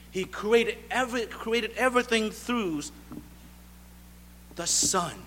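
Slow, bright-voiced male preacher. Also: sits high, long reverb tail, a little hiss or hum. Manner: emphatic, repeating rhetorical questions. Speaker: pastor. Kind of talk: sermon.

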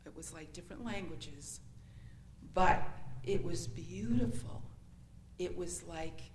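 In an echoey room with a faint background hum, an earnest woman recounts her personal testimony slowly. Her slightly low, darkish voice is hesitant and full of emotion.

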